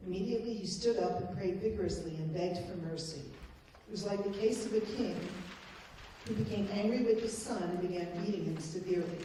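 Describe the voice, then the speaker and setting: A woman reading a text aloud to a study group, slow and measured. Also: lowish voice, warm tone, slight background noise. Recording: echoey hall from far off.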